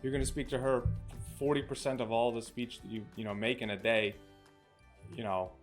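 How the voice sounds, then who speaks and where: A man's voice: mid-range voice, little pitch movement, fairly quick, soft background music. A man hosting a casual chat, telling a story animatedly and acting out the dialogue. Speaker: podcast host.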